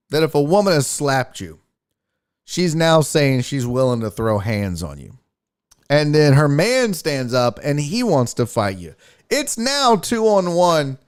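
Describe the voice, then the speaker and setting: A man with a fairly high voice hosts a sports show and breaks down a clip. His talk is chatty and profane, with pitch that jumps all over. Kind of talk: casual video breakdown commentary.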